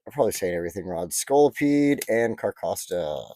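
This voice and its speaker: A chatty man with a lowish, mellow voice narrates a card unboxing, gushing over pulls and drifting into rambling asides. The sound is dry and close to the mic. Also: lively intonation, brisk, no room sound. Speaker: card-opening vlogger. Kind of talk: casual unboxing commentary.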